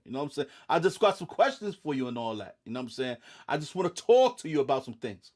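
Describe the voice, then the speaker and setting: A young man from eastern North Carolina hosts a casual livestream, greeting viewers by name in a laid-back, sleepy way and often saying "you know what I'm saying." His voice is a little high and sing-song with a darkish tone, and he talks fast.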